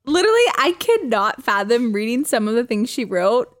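A woman in her twenties co-hosts a casual podcast conversation. Her voice sits a little on the high side, and she tells stories in a chatty, animated way. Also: normal speed. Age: 20s. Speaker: podcast co-host. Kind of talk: casual chat.

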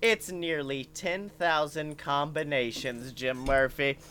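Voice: mid-range voice, slow pace, clear, resonant tone. Comedian, casual rambling storyteller, profane. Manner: rambling, animated, peppered with "like" and swearing. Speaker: podcast comedian. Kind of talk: comic storytelling.

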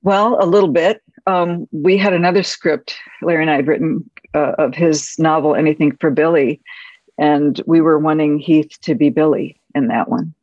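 A woman screenwriter reflecting on a film shoot, speaking softly and haltingly, with many pauses and restarts. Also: low voice, fairly even intonation, dry recording. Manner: soft-spoken, halting, with frequent pauses and restarts. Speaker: screenwriter guest. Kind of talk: reflective anecdotal storytelling. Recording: dull, muffled audio.

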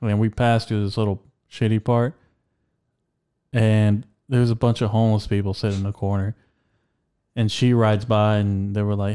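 Young man, low pitch, mellow tone, casual podcast chat, crude rambling stories, heavy swearing. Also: flat delivery, normal speed, clean tone. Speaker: podcast co-host.

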